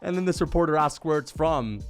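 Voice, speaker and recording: A man giving casual, excitable MMA commentary with profanity and slang. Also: on the high side, brisk, soft background music.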